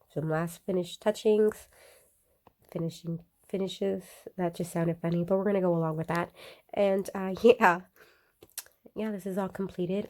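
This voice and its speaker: Upbeat woman talking thru her planner stamping, chatty, lotsa ums, mellow kinda low voice. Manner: chatty, upbeat, many fillers, laughs at herself. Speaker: planner crafting vlogger. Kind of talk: casual voice-over narration while crafting.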